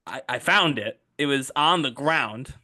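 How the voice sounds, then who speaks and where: A man's voice: medium pitch, lively intonation, unhurried, sharp tone. A man co-hosting a podcast, telling a rambling story in casual chat. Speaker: podcast co-host.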